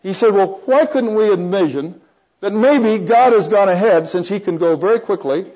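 A man's voice: high voice, moderate pace, warm tone. Older man telling a rambling testimony. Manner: rambling storyteller with frequent restarts and chuckles. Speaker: preacher. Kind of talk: personal testimony in a sermon. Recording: dull lo-fi recording.

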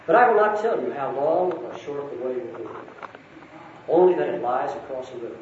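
A great noble lion speaks gently and gravely, as a man reads him aloud. The voice sits at an ordinary pitch, a little raised. It sounds muffled and far off, in a very echoey room. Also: lively intonation, brisk, slight background noise, lightly acted. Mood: gentle solemn. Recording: echoey distant lo-fi recording.

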